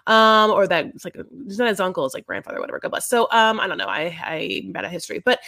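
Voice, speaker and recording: A woman's voice: medium pitch, lively intonation, fast, gravelly, sharp tone, no echo, clean studio sound. A woman co-hosting a podcast, recapping a docuseries in a rambling, casual way full of restarts and fillers. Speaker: podcast co-host. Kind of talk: casual chat.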